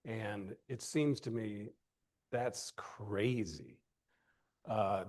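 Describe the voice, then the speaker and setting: A man serving as pastor, speaking to a church class in an earnest, conversational way with asides. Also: on the low side. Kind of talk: informal address to a church class.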